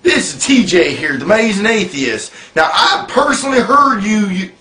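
A man putting on a high, loud, taunting voice to mock a smug atheist vlogger. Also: sing-song, moderate pace, reverberant, exaggerated voice, low-quality recording.

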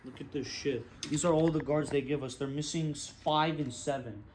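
A man who works as a barber, hosting a casual vlog in a profane, animated, ranting way. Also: on the high side, normal speed, slight background noise.

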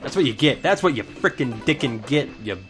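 Over music, a man with an expressive, medium-pitched voice talks briskly through a let's play. He keeps it joking and irreverent and swears a lot.

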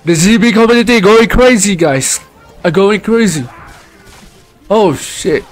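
A young man live-streaming a game, excitedly shouting hurried callouts to his teammates. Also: high voice, faint music behind. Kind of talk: live gameplay commentary.

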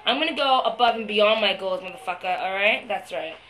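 A young woman talking to the camera in a video diary, venting her frustration, swearing a lot and pausing often with fillers. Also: medium pitch, fairly bright tone, a little hiss or hum, rough recording. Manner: hesitant, many fillers. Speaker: vlogger.

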